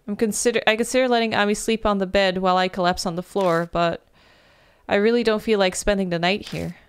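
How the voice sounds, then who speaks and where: A woman reading a visual novel aloud as she plays, breaking into loud, animated exclamations and swearing. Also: medium pitch, brisk, smooth. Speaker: gaming video creator.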